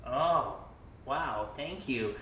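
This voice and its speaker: A woman voicing small cheerful child puppets on a children's circle time show, giggly and halting with many ums. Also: extremely low pitch, animated, pushed and bright, a little hiss or hum, pitched below the performer's own voice, heavily acted. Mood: curious. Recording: roomy echo.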